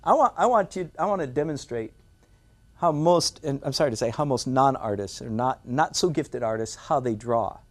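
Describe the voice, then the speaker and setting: A man's voice: mid-range voice, lively intonation, moderate pace. An older man gives a drawing lesson in an indoor studio. He talks in a playful, self-mocking way, with frequent rhetorical asides to the viewer. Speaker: art instructor.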